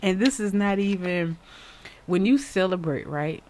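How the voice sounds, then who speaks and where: A tarot host giving a casual reading straight to viewers, excitable and chatty, often repeating words and laughing, and openly encouraging the audience. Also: medium pitch, unhurried. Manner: addresses viewers directly and warmly encourages them. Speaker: tarot reader and channel host.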